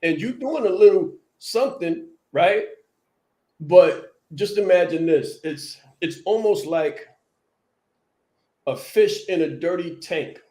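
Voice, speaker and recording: A man's voice: high-pitched, animated, slow pace, mellow, reverberant. A man hosting a podcast as a brand coach, giving a motivational talk and repeating key lines for emphasis.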